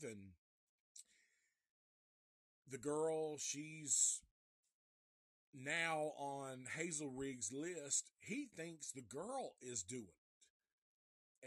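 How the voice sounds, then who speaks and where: A man casually reviewing a horror film live, retelling the plot in a profane, animated way. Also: on the high side, very slow, pauses often, no echo, studio quality. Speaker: movie reviewer.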